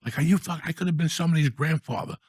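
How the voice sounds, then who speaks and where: A man in his sixties telling profane, animated stories in a casual comedic chat, often ranting in mock outrage. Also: fairly high pitch, racing, slightly rough, no room sound, clean studio sound. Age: 60s. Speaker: podcast guest storyteller.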